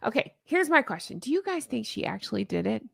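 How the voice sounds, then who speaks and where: A woman with a somewhat high voice hosts a casual livestream. She talks in a chatty, opinionated way and reads viewer comments aloud as she goes. Her voice sounds dry and close, with no room echo. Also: sing-song, quick pace, creaky, breathy edge. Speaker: livestream host. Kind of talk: casual commentary to a live chat.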